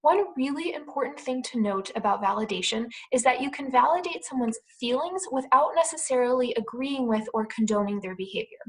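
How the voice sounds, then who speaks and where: A young American woman, a clinician, giving a calm, clear, reassuring pre-recorded talk to parents, with softly spoken example phrases. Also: high-pitched, fairly quick, few pauses, rough recording. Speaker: clinician presenting a parent webinar.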